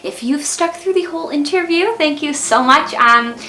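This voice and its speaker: A woman's voice: high-pitched, normal speed, pushed and bright, roomy sound, a little hiss or hum. A young woman hosting a video series, emotional and rambling as she wraps up an interview. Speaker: host. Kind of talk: vlog outro.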